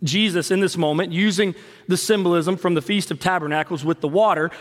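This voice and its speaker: High-voiced preaching pastor in a reverberant hall. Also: male voice. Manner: emphatic preaching with dramatic pitch swings and slow stressed lines. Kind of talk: sermon.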